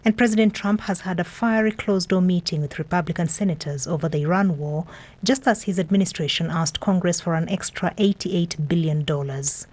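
A woman presenting radio news headlines in a measured, scripted read. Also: on the low side, darkish tone. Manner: measured, clear delivery.

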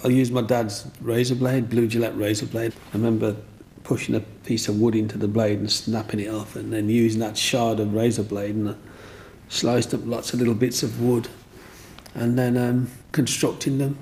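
A man's voice: mid-range voice, little pitch movement, moderate pace, darkish tone, slight background noise. A man telling stories from his life in an interview, rambling and repeating himself as he goes. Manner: rambling, repeats himself, often says "you know what I mean". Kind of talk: storytelling in an interview.

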